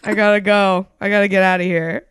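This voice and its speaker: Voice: mid-range voice, flat delivery, a little fast, a bit bright, clean tone, no room sound. A podcast co-host teases the others in casual chat. They giggle often, and their voice sounds dry and close. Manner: teasing, giggly.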